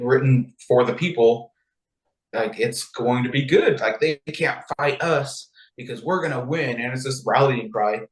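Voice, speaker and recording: Casual male podcast co-host, animated storyteller, mid-pitched, echoey room. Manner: animated, acts out characters' lines in high voices. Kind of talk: casual chat retelling a story.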